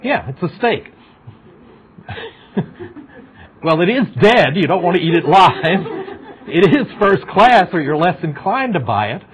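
This lecturer, a middle-aged man teaching psychology to a university class, speaks unhurriedly with long pauses, his high, somewhat bright voice swinging widely in pitch. He keeps it conversational, asking students questions and adding dry remarks, and the dull lo-fi recording from the lecture hall carries a little hiss or hum.

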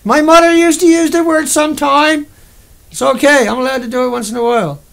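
A man with a Newfoundland accent hosts a livestream and rants in a heated, rambling, profane way. His voice sits high for a man and has a gravelly, fry-laden edge. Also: steady tone, a little fast, a bit bright. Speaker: livestream host. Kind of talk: angry livestream rant.

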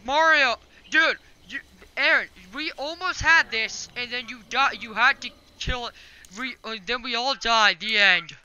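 A teenage boy doing casual gameplay commentary as a gaming YouTuber, excitable and bossy, turning whiny when he loses. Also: very high voice, unhurried, clean tone, lo-fi sound. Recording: game music underneath.

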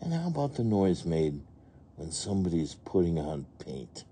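A man's voice: low-pitched, very animated, normal speed, warm tone, a little hiss or hum. A man reading a picture book aloud to young children, playfully imitating animal and machine sounds and asking the listeners questions. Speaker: read-along narrator.

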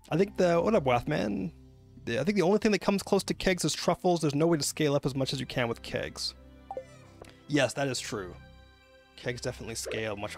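A man with a Canadian accent talks through a live game stream at an easy, middle pitch. His voice is gravelly, full of fillers and restarts as he chats with his viewers. Game music plays clearly behind him. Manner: rambling, chatty, many fillers and restarts. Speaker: gaming livestreamer. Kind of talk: live gameplay commentary, chatting with viewers.

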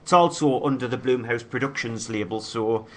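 A man's voice: mid-range voice, normal speed. Man co-hosting a film show. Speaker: film review co-host. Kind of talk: casual film review chat.

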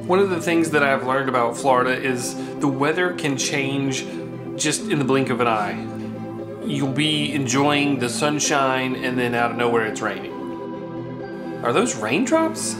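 A man talks through his travel vlog in a relaxed, chatty way, his voice sitting at an ordinary middle pitch. He turns lively and animated when he recounts things going wrong. Clear background music runs beneath his voice. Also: moderate pace. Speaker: vlogger. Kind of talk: casual travel vlog narration. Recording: music playing clearly underneath.

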